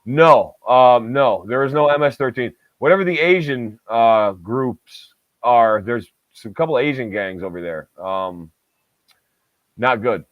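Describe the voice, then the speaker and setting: A podcast co-host with a mid-range voice and lively intonation talks a little slowly, rambling and cursing through casual chat full of filler words. He comes from the Southern Tier of New York, and the recording is dry, dull, and lo-fi with no echo.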